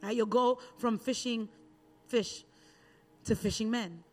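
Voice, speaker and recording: A woman preaching a sermon, retelling a Bible story in a relaxed, conversational way. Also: fairly high pitch, slow, faint music behind.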